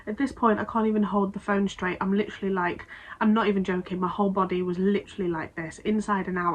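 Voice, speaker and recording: A young woman talks to camera in a casual vlog, her voice at a middling pitch. She tells the story in an emotional, rambling way, often restarting her sentences. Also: steady tone, quick pace, a little hiss or hum, low-quality recording. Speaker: vlogger.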